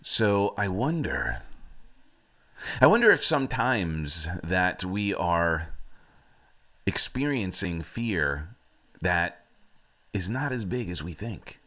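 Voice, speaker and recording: A man's voice: sits low, very animated, takes it slowly, long pauses, a bit bright. A man hosting a motivational talk who tells a story in a reflective way, with many fillers. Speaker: host.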